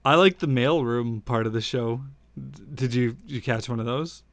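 A man's voice: medium pitch, normal speed. A man co-hosting a podcast, loose and chatty in casual talk, laughing easily. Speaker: podcast co-host. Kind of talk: casual chat.

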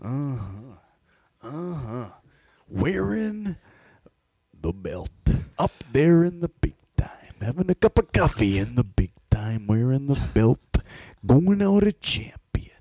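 A man putting on an impression of a grandiose male wrestling legend, drawn out and booming, with big swings high and low. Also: big pitch swings, takes it slowly, warm tone.

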